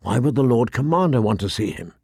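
A man narrating a fantasy audiobook in a steady, measured way. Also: medium pitch, vocal fry, breathy edge, dry recording, clean studio sound.

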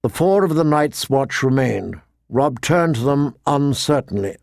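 A man narrating a fantasy novel in a measured, steady storytelling voice. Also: mid-range voice, gravelly, no room sound, studio quality. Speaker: audiobook narrator.

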